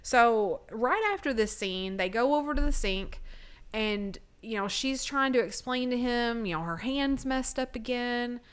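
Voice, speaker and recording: Recapping a TV episode in casual podcast chat, this woman co-host acts out the characters' dialogue. Her voice is on the high side, clear and resonant, and she takes her time.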